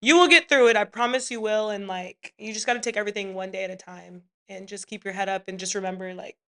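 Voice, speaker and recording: A woman who serves as a soldier and raises her child alone, appearing as a guest. Her voice sits at a middle pitch. She speaks in an earnest, reflective way and offers encouragement. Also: fast, bright, forceful tone. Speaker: guest, soldier and single mom. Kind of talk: candid casual chat.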